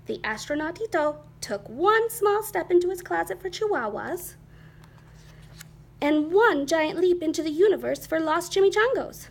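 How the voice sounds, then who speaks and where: A woman reading a children's picture book aloud in a lively, expressive, rhythmic way. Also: very high-pitched, moderate pace, creaky. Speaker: storyteller.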